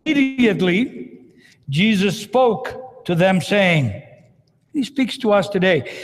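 Priest giving a sermon, kinda high voice, big echoey cathedral. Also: male voice, very animated, slow pace, long pauses. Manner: dramatic, retells scripture with acted quotes. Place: large cathedral. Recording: long cathedral reverb.

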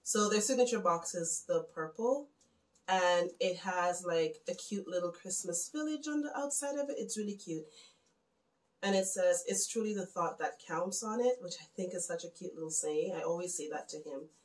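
A woman in her thirties from the West Indies, chatting casually and warmly gushing to viewers as she shows her Christmas gifts. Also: lowish voice, moderate pace, echoey room, low-quality recording. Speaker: home vlogger. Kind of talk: casual gift show-and-tell.

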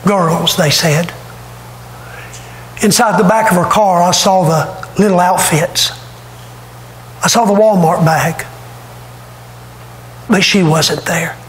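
A pastor preaching a sermon, retelling a story dramatically and with emotion. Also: male voice, high voice, slow, long pauses, fairly bright tone, roomy sound, slight background noise, low-quality recording. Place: church sanctuary.

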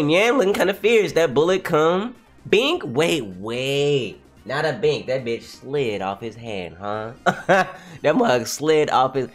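A man reacting live to a comic as he reads it, excitable and profane, laughing often and swinging between high and low voices.

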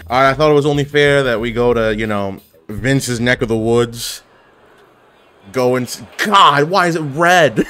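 Excitable man trash-talking over a game. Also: medium pitch, measured pace, a little hiss or hum. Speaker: gaming commentator. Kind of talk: casual game commentary.

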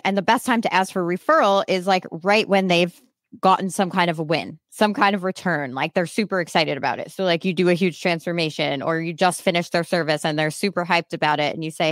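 A woman's voice: lowish voice, fairly quick, no echo, clean studio sound. A woman hosting a podcast, chatting casually about business over a remote call, with lots of "like" fillers. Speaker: podcast host. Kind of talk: casual business coaching chat.

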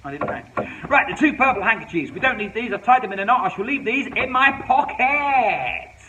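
High-voiced man doing kids' magic. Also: expressive, fairly quick, bright, forceful tone, dull audio. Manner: playful, bumbling, talks straight to young viewers. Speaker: children's entertainer. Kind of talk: comic magic show for children. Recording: slightly distant with faint background noise.

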